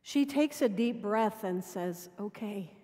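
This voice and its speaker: A woman dean preaching a sermon in measured storytelling, sometimes dropping to quiet intimacy. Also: on the high side, lively intonation. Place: cathedral. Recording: long cathedral reverb.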